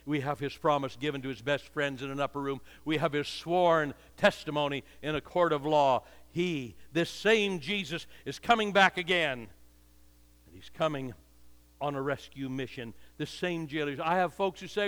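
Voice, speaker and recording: A man's voice: on the high side, moderate pace, a bit bright, clear, resonant tone. An older man preaching a sermon with impassioned, repetitive cadences, heard with long reverb in a hall.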